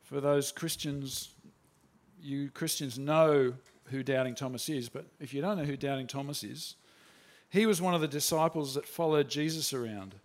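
A man's voice: mid-range voice, normal speed. A man preaching a sermon in an earnest, plain-spoken way, often restarting his sentences.

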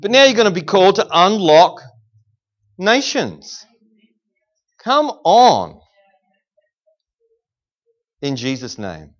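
Aussie guy preaching hard in church, pumping up the crowd, highish voice, muffled lo-fi sound. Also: slow, long pauses. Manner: energetic call-and-response preaching. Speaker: guest preacher. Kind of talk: sermon. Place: church service.

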